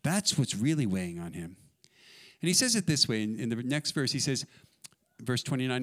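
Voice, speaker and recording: A male pastor giving a sermon, reading scripture loudly and with emphasis, then explaining it in a casual, joking way with quieter asides. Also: mid-range voice, big pitch swings, normal speed.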